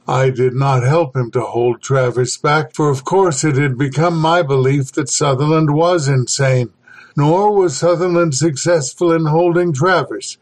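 A man reading a horror story aloud as the podcast host, slow and deliberate. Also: fairly high pitch, poor audio. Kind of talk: scripted horror narration.

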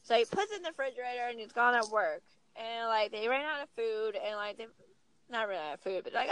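A woman in her thirties talking casually as a podcast guest, telling stories with lively acted-out quotes. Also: a little high, fast, clean tone, dry recording, poor audio. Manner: animated storyteller, acts out quotes. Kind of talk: casual chat.

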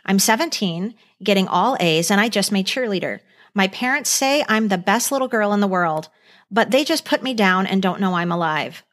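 Middle-aged woman, podcast co-host, casual chat, earnest and chatty, lots of "um"s, ordinary mid pitch. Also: expressive, moderate pace, a bit bright. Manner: earnest, chatty, many fillers. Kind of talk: casual chat, recounting a movie.

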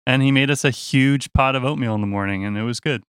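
A young man, a touring musician, telling a story in an animated, casual way with lots of restarts and laughs. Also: mid-range voice, quick pace, smooth, no echo, clean studio sound.

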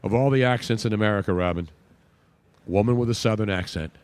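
A man's voice: lowish voice, fast talker, a little mellow, no echo. A man hosting a radio talk show, chatting and reading ads in an emphatic, repetitive way. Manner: chatty, emphatic, repeats words for stress. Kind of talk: casual sports talk with live ad reads.

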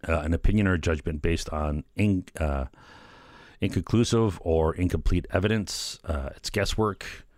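Middle-aged man, deep voice, dry close sound, loose wry chat about a book, keeps checking "right?". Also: moderate pace, a little mellow, dry recording. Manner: rambling, fillers, keeps asking "right?"; chuckles often, wry. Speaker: solo commentator. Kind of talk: casual rambling book commentary.

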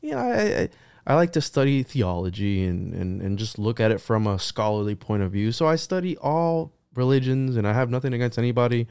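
A man talking casually on a podcast, rambling through stories with plenty of swearing and animated bursts. His voice sits at an ordinary middle pitch, recorded close and dry with no room sound. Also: brisk, vocal fry, smooth, no echo. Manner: profane, rambling, animated storytelling. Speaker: podcast guest.

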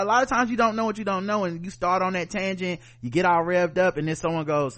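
Male podcast host, somewhat high voice, casual and profane, reacts to listener mail. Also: quick pace, few pauses. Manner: loose, profane, chuckling, thinks out loud. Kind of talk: casual chat, reading listener comments.

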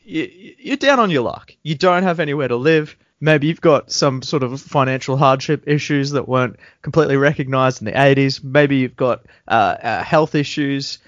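A man's voice: mid-range voice, normal speed, few pauses, dry recording. A man co-hosting a podcast, recapping a show in casual chat with sarcastic, joking rants. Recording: dull lo-fi sound.

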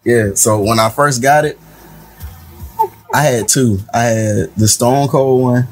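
A man's voice: medium pitch, takes it slowly, soft background music, low-quality recording. A young man co-hosting a casual podcast, laid-back and a little sheepish as he tells a story. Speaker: podcast co-host. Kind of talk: casual chat.

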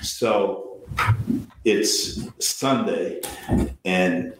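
An older man, a veteran actor, telling animated anecdotes in an interview and acting out his friends' lines. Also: low voice, extremely slow, echoey room, noisy background. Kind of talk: storytelling interview.

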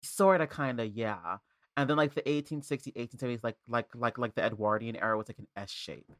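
A woman's voice: rumbling low, fairly quick, no echo, clean studio sound. A woman guest on a podcast, chatting casually with lots of fillers and playful slang. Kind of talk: casual chat.

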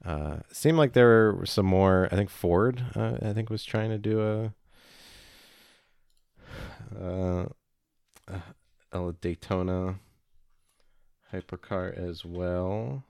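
A man chatting casually as a podcast co-host, rambling and halting with many fillers. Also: sits low, steady tone, creaky, darkish tone, clear, resonant tone, no echo, clean studio sound. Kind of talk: casual chat.

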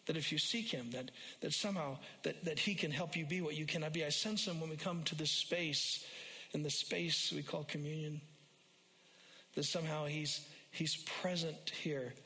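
A man preaching a sermon as a pastor, repeating phrases for emphasis and rising loud and high when he quotes scripture. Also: steady tone, normal speed. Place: church sanctuary. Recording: long hall reverb.

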